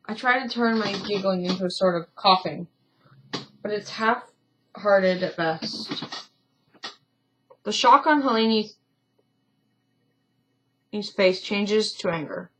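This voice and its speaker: A woman's voice: mid-range voice, takes it slowly, long pauses, fairly bright tone, slight background noise, rough recording. A woman streaming a story game, reading its narration aloud with casual, self-deprecating asides. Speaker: let's-play streamer.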